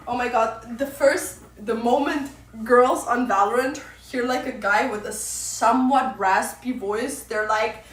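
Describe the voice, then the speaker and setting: A woman's voice: on the high side, unhurried, few pauses, fairly bright tone. A young woman streamer ranting casually, crude, profane and mocking. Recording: roomy distant mic, faint noise.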